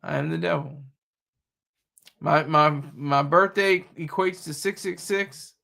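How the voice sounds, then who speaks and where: A man's voice: on the high side, slow, gravelly, pushed and bright. A man streaming live, talking back to chat and news clips in a mocking, combative way. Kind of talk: casual live-stream commentary.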